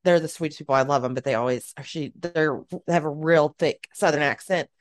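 A woman in her thirties co-hosting a casual podcast. She sounds chatty and animated and often says "like." The recording is dry and close, with no room sound. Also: deep voice, fairly quick, no echo. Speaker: podcast co-host.

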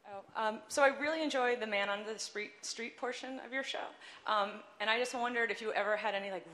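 A woman's voice: mid-range voice, a bit bright, long reverb tail. A woman in the audience asking a rambling, hesitant question, with many ums.

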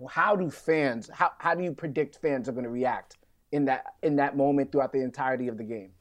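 A man hosts a sports podcast and puts questions to his guests. He stumbles and restarts as he sets each one up. His voice sits at a middle pitch. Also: a little fast. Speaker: podcast host. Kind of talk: interview questions.

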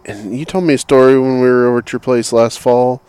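A middle-aged man in casual conversation, talking haltingly with many fillers and restarts. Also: mid-range voice, fairly even intonation, darkish tone, clear, resonant tone, no echo.

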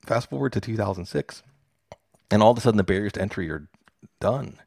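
A man's voice: on the low side, fairly quick, gravelly, darkish tone, no room sound, clean studio sound. A man in his forties from Pittsburgh, a fantasy football podcaster telling stories in a casual interview, enthusiastic and self-deprecating.

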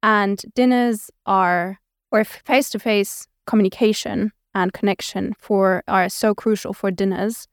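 Interviewer, woman with a mid-range voice, warm-hearted affirmations and curious questions, dry close sound. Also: mid-range voice, steady tone, unhurried, no echo. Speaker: guest interviewer. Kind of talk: casual conversational interview.

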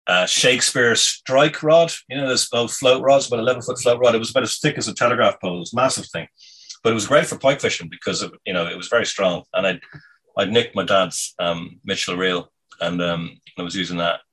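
Man, low voice, husky edge, rambling anecdote, lots of fillers. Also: fairly bright tone, poor audio. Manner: meandering, halting, many fillers. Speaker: storyteller. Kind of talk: casual anecdote.

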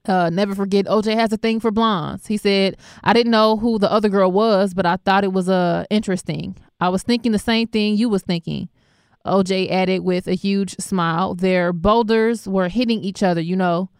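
A woman's voice: mid-range voice, steady tone, normal speed, clean tone, no room sound, studio quality. A young adult woman hosting a talk radio show, chatting casually between callers and news with a lot of laughter. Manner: laughing, chatty, affectionate and conversational.

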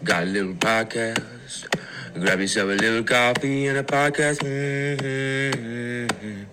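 A man putting on a deep, laid-back voice as a podcast intro announcer, drawling slowly. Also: noisy background, close to an everyday voice.

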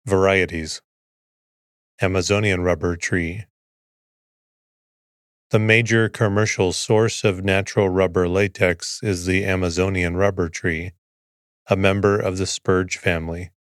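A man hosting a sleep podcast, reading an article aloud in a soothing, even way to bore listeners to sleep. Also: low-pitched, unhurried, long pauses, no room sound, studio quality. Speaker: podcast host.

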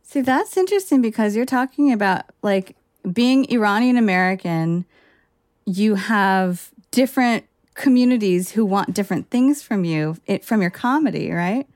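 A woman's voice: mid-range voice, expressive, a little mellow, dry recording. Woman host asking careful interview questions, dry close mic. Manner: measured, thoughtful questions. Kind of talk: interview conversation.

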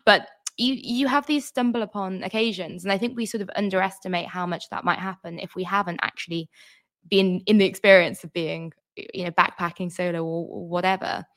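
A woman's voice: on the low side, steady tone, fairly quick. A woman author as an interview guest, chatty and thoughtful with many fillers. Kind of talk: casual interview chat.

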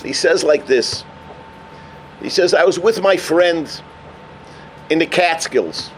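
A man delivering a sermon as a rabbi. He tells a story with Yiddish and Hebrew terms and builds to emphatic, near-shouted points. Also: fairly high pitch, takes it slowly, a little hiss or hum. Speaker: rabbi giving a Torah talk.

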